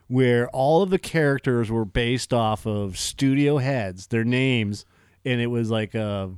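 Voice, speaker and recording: A man co-hosting a movie podcast, rambling casually, laughing and swearing, often trailing off quietly. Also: mid-range voice, slow pace, clean tone, no room sound, clean studio sound. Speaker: podcast co-host. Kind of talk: casual chat.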